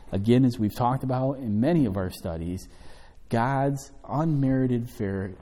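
A man teaching an evening Bible study as pastor, then leading a closing prayer. He speaks in a measured, earnest way and slows down to read scripture aloud. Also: mid-range voice, warm tone. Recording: long hall reverb.

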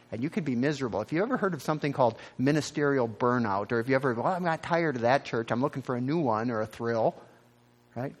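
Husky midwest pastor guy preaching, mid pitched, animated stories, voice jumps way up. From American Midwest. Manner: animated storyteller, leaps up in pitch for emphasis. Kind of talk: sermon.

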